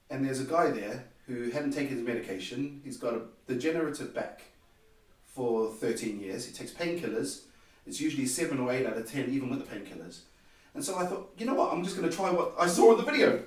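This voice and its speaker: A man, a podcast guest, telling a personal story in an animated way and acting out the dialogue. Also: on the high side. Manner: animated, acts out quoted dialogue. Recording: very echoey room, distant mic.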